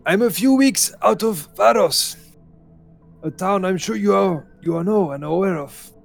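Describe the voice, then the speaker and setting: A courteous, guarded hunter of monsters, as a man plays him in a tabletop role-play. The voice sits high and heavily gravelly, with formal, measured phrasing. Faint music plays underneath.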